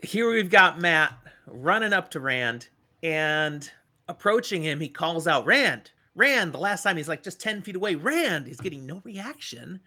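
Middle-aged male host: lively recapper, bright, very expressive pitch. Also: moderate pace. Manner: animated retelling, acting out the characters. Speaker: podcast host. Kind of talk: casual book discussion.

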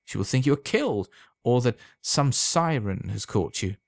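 A man voicing a sly, calm old man who sells love potions, speaking smoothly and unhurriedly in a quietly insinuating way. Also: medium pitch, moderate pace, no echo, voice pushed up. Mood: knowing.

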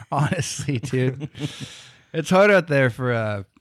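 A man's voice: mid-range voice, lively intonation, slow, no room sound, studio quality. A young man, a podcast guest, chatting casually in a rambling, self-mocking way with lots of laughter.

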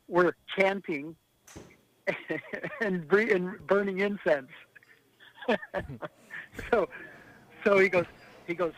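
A man with a high voice tells rambling golf-tour stories, laughing as he goes. His delivery is animated and loose, like a chatty radio guest. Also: rough recording. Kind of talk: casual storytelling.

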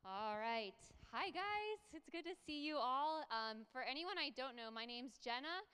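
A woman's voice: sits high, expressive, unhurried, sharp tone, clear, resonant tone. A woman greeting a group of teens as their teacher in a friendly manner. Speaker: camp teacher. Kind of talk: group address. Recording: long reverb in a large hall.

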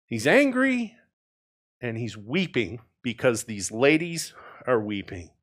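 A man preaching an expository sermon in a conversational way, often checking in with "right?" and moving between soft, low passages and emphatic ones. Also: lively intonation, measured pace. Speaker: pastor.

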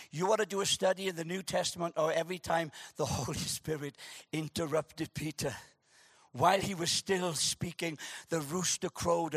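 A man preaching a sermon, animated and joking, who shouts for emphasis. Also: on the high side, gravelly, no echo, studio quality. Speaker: pastor.

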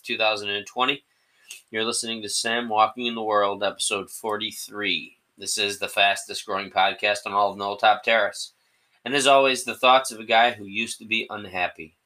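A man's voice: on the low side, bright, forceful tone, low-quality recording. A man hosting his own solo podcast, talking casually in a rambling, self-deprecating way with frequent restarts. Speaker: podcast host.

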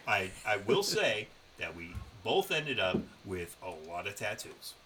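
A man's voice: lowish voice, very animated, unhurried, few pauses, bright, forceful tone, a little hiss or hum, rough recording. A man co-hosting a podcast, telling a road-trip story in a loose, profane, casual way. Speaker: podcast co-host. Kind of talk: casual chat.

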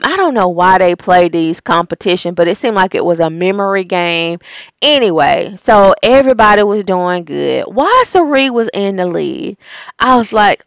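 A woman recapping a reality show in a sassy, exasperated way, piling on rhetorical questions. Her voice has a gravelly fry and she takes her time with it. The recording is dry and close, with no room sound. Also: mid-range voice, no room sound. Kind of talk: casual opinionated recap.

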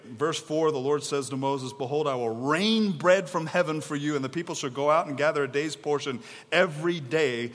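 A man preaching a sermon, reading scripture and acting out the people's complaints with animated, mock-exasperated energy. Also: on the high side, in a large hall. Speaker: pastor.

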